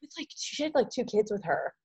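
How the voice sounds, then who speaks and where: Woman cohosting a podcast, mid-pitched, says like a lot, super casual. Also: sing-song, brisk, dark tone, husky, lo-fi sound. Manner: chatty, with lots of fillers like "like". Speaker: podcast co-host. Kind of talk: casual chat.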